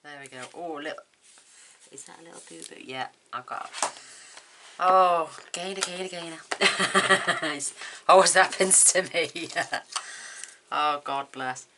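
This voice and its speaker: A woman hosting a card-making tutorial at home, chatting casually and thinking aloud as she works, with quick laughs. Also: sits low, background noise. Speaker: craft tutorial host. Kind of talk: casual demonstration chat.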